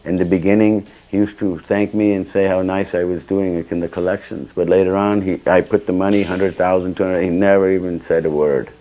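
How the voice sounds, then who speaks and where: A man's voice: sits low, level tone, a little fast, hardly any pauses, warm tone, rough recording. An older man giving a temple scripture class, telling personal stories and acting out the dialogue with sudden bursts of emphasis. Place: temple hall.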